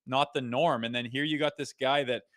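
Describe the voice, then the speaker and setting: A man co-hosting a casual hockey podcast, talking excitedly and rambling with lots of "like" as he breaks down plays. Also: mid-range voice, moderate pace, no echo, studio quality. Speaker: co-host; father. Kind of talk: casual sports podcast chat.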